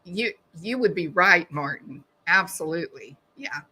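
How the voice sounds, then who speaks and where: A woman's voice: lowish voice, expressive, a little slow, pushed and bright, slightly rough. A middle-aged woman hosting a true crime live stream, chatting casually, reading viewer comments and laughing at her own jokes.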